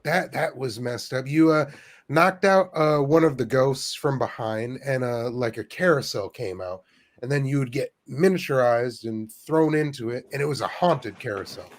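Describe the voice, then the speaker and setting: A man's voice: mid-range voice, moderate pace. A man on a podcast, a guest, telling rambling stories with lots of restarts. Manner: rambling, self-interrupting storytelling. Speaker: guest streamer. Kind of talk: casual podcast chat.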